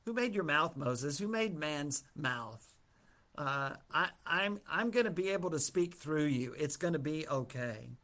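A man's voice: on the high side, expressive, measured pace, pushed and bright, full character voice. A man voicing a patient but firm God. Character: patient, insistent male God.

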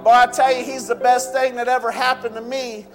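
High-voiced fervent man preaching. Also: little pitch movement, brisk, over music. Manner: fervent, repeats "you know what" and "I tell you". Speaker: pastor. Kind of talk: sermon. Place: church. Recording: long reverb of a church hall.

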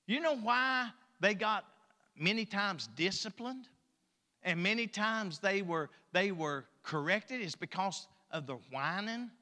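An older man, preaching a folksy, joking sermon that swings between loud and soft. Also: high voice, long reverb tail.

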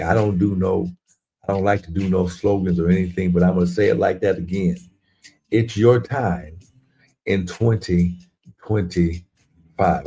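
Fervent low-voiced man preaching a livestream. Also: creaky, mellow, breathy edge. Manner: fervent, repetitive preaching with rising exclamations. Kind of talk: livestreamed sermon.

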